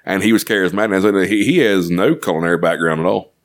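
A man's voice: sits low, fast. A man co-hosting a casual podcast chat, a rambling storyteller who swears freely. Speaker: podcast co-host.

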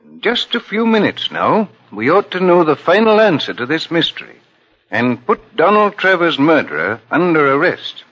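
A calm, probing detective. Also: male voice, fairly high pitch, slight background noise. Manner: measured, probing questions. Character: calm, persistent male detective. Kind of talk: 1950s radio drama acting. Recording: lo-fi old radio broadcast.

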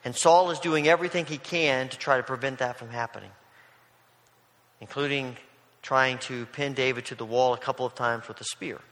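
A man's voice: mid-range voice, moderate pace, a bit bright, big-room sound. A man preaching a sermon, retelling a scripture story in a casual storytelling way. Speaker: pastor.

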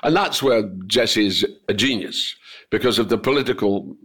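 A man's voice: on the low side, moderate pace, fairly bright tone. A Scottish man, a guest actor in an interview, telling emphatic anecdotes and swearing freely. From Scotland. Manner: emphatic, swears freely, acts out quoted voices.

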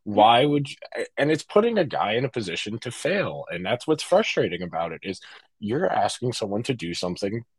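Husky-voiced man ranting about hockey. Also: on the low side, a little fast, no room sound. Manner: animated, frequent restarts, opinionated. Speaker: podcast co-host. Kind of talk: casual hockey podcast analysis.

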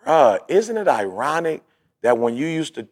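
A man's voice: fairly high pitch, normal speed. A man co-hosting a podcast, casually telling a story with slang and acting out quoted talk. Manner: animated storyteller, acts out quoted dialogue; uses street slang, "yo, bro". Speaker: podcast co-host. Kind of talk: casual chat.

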